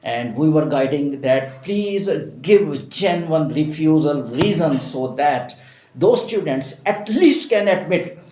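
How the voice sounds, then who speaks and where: A man's voice: a little high, lively intonation, takes it slowly, mellow, echoey room, slight background noise, low-quality recording. A man giving opinionated immigration news commentary, emphatic and impassioned, repeating phrases for stress.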